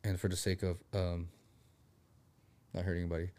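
A man's voice: low voice, flat delivery, brisk, darkish tone. Man, Filipino American, hosting a casual chat; profane, joking, teasing.

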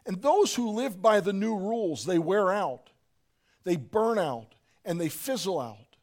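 A man preaching a sermon, dropping to a near hush and then rising to shouts. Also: high voice, expressive, measured pace. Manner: swings from soft hush to shouting. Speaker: pastor.

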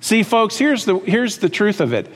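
High-voiced preacher man in a reverberant hall. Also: very animated, normal speed. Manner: conversational preaching with frequent asides and "okay?" checks. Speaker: pastor. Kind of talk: sermon.

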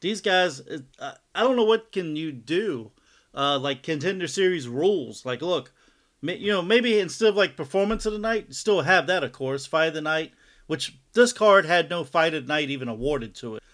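A man's voice: a little high, expressive, normal speed, fairly bright tone. A man co-hosting a fight podcast, recapping bouts in a laid-back, loosely phrased way with frequent laughs. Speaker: podcast co-host. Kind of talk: casual sports chat.

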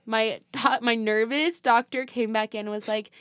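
A woman co-hosting a podcast, telling a story in animated casual chat with lots of laughs and fillers. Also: on the high side, moderate pace, no echo, studio quality. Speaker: podcast co-host.

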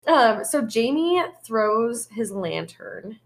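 A woman's voice: on the high side, big pitch swings, slow pace, vocal fry. A woman co-hosting a podcast, recapping a film in a rambling, casual way, full of "like" and the odd swear word. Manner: rambling storyteller, heavy on "like" and swearing. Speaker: podcast co-host.

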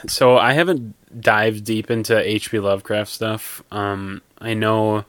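A man's voice: on the low side, fairly even intonation, a little slow, no room sound. A man co-hosting a casual movie review podcast, laughing often and rambling with self-deprecating jokes. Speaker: podcast co-host.

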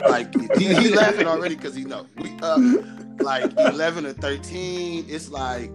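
A man's voice: a little high, expressive, moderate pace, loud music behind the voice. A man in his forties, a basketball coach hosting a casual chat, telling stories animatedly and laughing often. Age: 40s.

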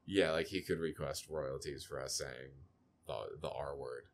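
A young man co-hosts a podcast in casual chat. His voice is very deep. He rambles and restarts his sentences as he works through an idea. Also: a little hiss or hum. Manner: rambling, halting phrasing. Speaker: podcast co-host.

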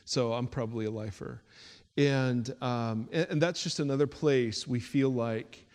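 A pastor preaches with a rambling, filler-laden delivery that builds into a rhythmic preaching cadence. A long hall reverb surrounds his mid-pitched voice, as heard in a church sanctuary. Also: measured pace, a little mellow. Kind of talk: sermon.

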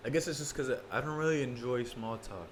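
A young man rattles on at a brisk clip in loose, slangy casual chat, his voice sitting in an ordinary middle pitch. He gets animated and mocking when he imitates small talk. A faint hum of background noise sits under him. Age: young adult.

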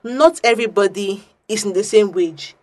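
A young woman, co-hosting a podcast and telling a story in casual chat, animated, swearing and restarting her sentences often. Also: mid-range voice, normal speed. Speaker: podcast co-host.

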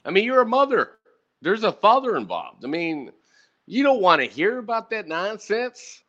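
A man's voice: high voice, big pitch swings, normal speed, pushed and bright. Profane ranting man in his thirties. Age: 30s. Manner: profane, ranting, talks to the audience. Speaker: podcast host. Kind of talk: casual podcast chat. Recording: dull lo-fi audio.

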